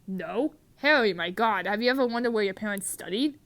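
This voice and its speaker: A woman voicing a big, gruff but kindly male groundskeeper in a comedic script reading. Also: medium pitch, expressive, fairly quick, a bit bright.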